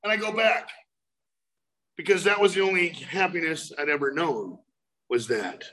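A man's voice: on the high side, lively intonation, normal speed, pushed and bright, a little hiss or hum, low-quality recording. A man giving a personal recovery talk, telling his story with emphatic outbursts and vivid storytelling. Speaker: recovery speaker.

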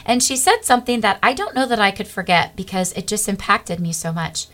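A middle-aged woman, a guest, telling a personal faith testimony in an earnest, animated way. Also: medium pitch, fairly quick.

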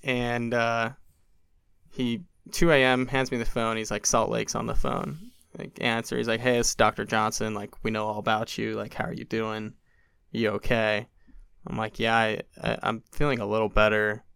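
Captured in studio quality without any echo, a young man guesting on a podcast tells a long story at a moderate pace. His lowish voice is smooth but creaky, and he's animated in the casual chat, acting out others' quotes with many "like" fillers.

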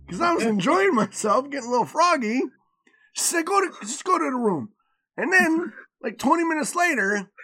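Animated, high-pitched storytelling man. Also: husky. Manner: animated, mouthy, acts out quotes with loud swings. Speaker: podcast co-host. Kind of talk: casual storytelling chat.

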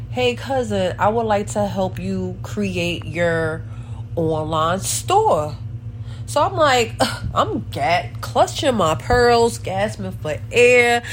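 Woman, solo podcast host, animated casual storyteller, mid-range voice. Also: medium pitch, slight background noise.

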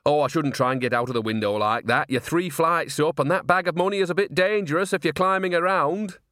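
A man reading an audiobook voices a chatty, cunning old witch woman in a high, bright voice. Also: brisk, no room sound, clean studio sound, close to an everyday voice.

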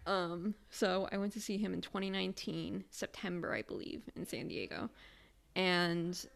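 A young woman tells a long story on a casual podcast. Her voice sits fairly low and turns gravelly with vocal fry. She swears freely and tells it with animated energy. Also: moderate pace. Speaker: podcast co-host.

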